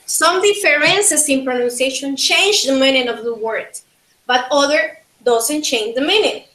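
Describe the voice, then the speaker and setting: Panamanian woman teacher, bright and unhurried, drilling pronunciation in an echoey room. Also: high-pitched. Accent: Panamanian Spanish. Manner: slow, repeats words to model pronunciation. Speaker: linguistics teacher. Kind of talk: bilingual classroom lecture.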